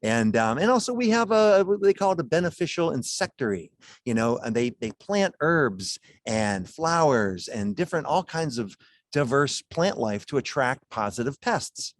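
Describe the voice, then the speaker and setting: A man's voice: medium pitch, very animated, normal speed, no echo. A man presenting wines at a charity gala over a video call, in a chatty, folksy way, chuckling as he talks.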